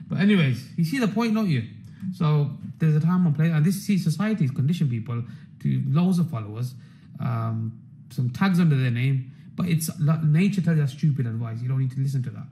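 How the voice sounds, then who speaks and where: A man's voice: on the high side, warm tone, low-quality recording. Profane rambling man ranting. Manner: rambling, swearing, repeats himself. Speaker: trader hosting a members' market stream. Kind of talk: casual profane rant to members.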